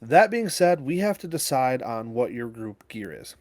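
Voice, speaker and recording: A relaxed man running a tabletop game and talking the players through the setting. He speaks conversationally, filling gaps with small fillers, at a middling pitch. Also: normal speed, no echo. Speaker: game master. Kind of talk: explaining rules and setting.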